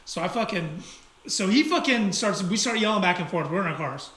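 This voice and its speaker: A man tells a story in casual chat, animated and full of swearing. His voice sits high and bright. The room is roomy and echoey, with a faint hiss behind him. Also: fairly quick.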